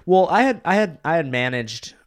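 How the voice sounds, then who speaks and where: A man's voice: on the high side, expressive, normal speed. A man guesting as a comedian on a podcast, laid-back in casual chat, swearing and saying "dude" and "bro".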